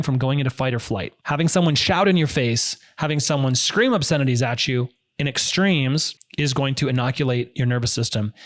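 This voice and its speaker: Emphatic man coaching on negotiation. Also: a little high. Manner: direct and emphatic, repeats key phrases. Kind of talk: instructional talk to camera.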